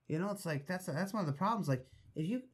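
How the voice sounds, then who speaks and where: A man's voice: sits high, lively intonation, moderate pace, breathy edge. A man co-hosting a casual podcast chat, laughing often and talking loosely with restarts. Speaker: podcast co-host.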